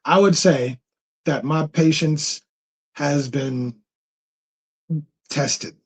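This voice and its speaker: A man's voice: fairly high pitch, very slow, husky. A man co-hosting a live Q&A stream, talking bluntly in casual chat and repeating himself to press his point. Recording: dull lo-fi stream audio.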